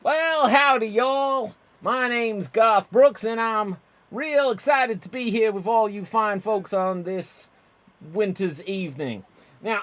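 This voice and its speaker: A man's voice: high voice, a bit bright, voice pushed up. A man playing a folksy male country singer with a put-on Southern US drawl and a hammy showman manner.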